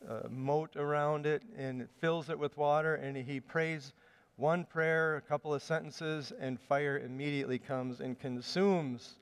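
Male preacher, slightly high, resonant voice, casual storytelling sermon in a reverberant hall. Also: fairly even intonation, a little slow, clean tone. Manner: conversational storytelling with hesitations.

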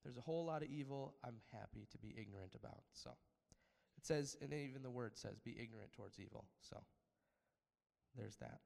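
A man's voice: medium pitch, a little fast, gravelly, a little mellow, big-room sound. A man preaching a sermon, asking his listeners for amens and building to emphatic peaks. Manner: preaching with call-outs for amen, rising to emphatic peaks. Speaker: pastor.

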